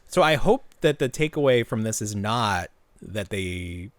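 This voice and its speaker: A man co-hosting a podcast in casual chat, animated and joking, swearing casually. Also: on the low side, a little slow, no echo. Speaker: podcast co-host.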